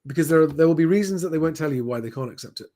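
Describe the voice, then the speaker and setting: A man's voice: on the high side, lively intonation, very fast, mellow. Chatty man answering viewer questions. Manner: chatty and plain-spoken, with frequent ums and restarts. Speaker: property advice host. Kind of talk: live Q&A, reading viewer comments aloud.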